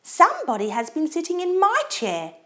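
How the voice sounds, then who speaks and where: A woman's voice: very high voice, wildly swooping pitch, normal speed, pushed and bright, pitched above the performer's own voice, heavily acted. A woman doing a sweet exclaiming mama bear.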